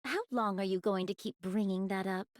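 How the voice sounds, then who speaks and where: A woman's voice: mid-range voice, fairly even intonation, a little fast, dry recording, clean studio sound, close to an everyday voice. An actress playing a proud, noble woman fighter in a game, speaking in a poised, dignified manner. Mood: composed. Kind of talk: game voice acting.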